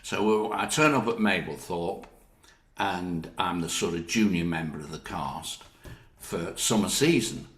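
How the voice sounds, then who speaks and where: In a roomy, echoing recording, an older Northern English actor tells anecdotes during an interview. His voice sits low and runs a little slow, and he's lively, laughing a lot and mimicking the voices of the people he quotes.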